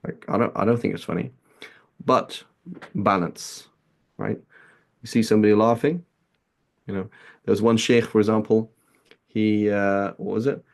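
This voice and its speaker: A man's voice: on the low side, steady tone, normal speed, gravelly, pauses often. A man teaching a religious lesson in a casual, chatty way, peppering his talk with "right?" and "like". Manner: chatty, many "right?" and "like" asides. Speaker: teacher of a hadith class. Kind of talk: casual lecture with anecdotes.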